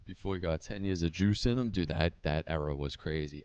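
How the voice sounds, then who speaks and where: A man's voice: sits low, a little fast, few pauses, a little mellow, smooth, dry recording, lo-fi sound. A young man hosting a casual livestream, chatting in a laid-back, profane, slangy way and answering live chat comments. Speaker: livestream host.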